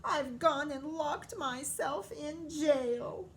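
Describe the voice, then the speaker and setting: A woman reading a picture book aloud and voicing a spoiled, bossy queen bee who yells and wails through her tantrums. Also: animated, takes it slowly, slight background noise. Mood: wailing. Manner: shrill wailing tantrums, near crying.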